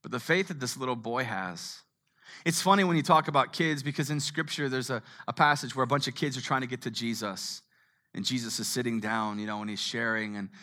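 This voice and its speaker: Energetic man preaching a sermon. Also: medium pitch, a little fast. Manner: dynamic preacher, swings from hushed to shouting. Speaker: pastor.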